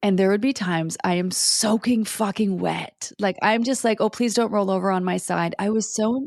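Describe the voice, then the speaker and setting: A woman in her forties, a podcast guest, telling personal stories in a blunt, profane, animated way with frequent restarts. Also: mid-range voice, normal speed, creaky, no room sound, studio quality. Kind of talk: candid conversational storytelling.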